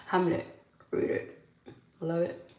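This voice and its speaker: A young woman with a New York accent hosts a podcast alone, chatting candidly and profanely while she does her makeup. Her voice is unhurried and a little mellow, and the room sounds echoey.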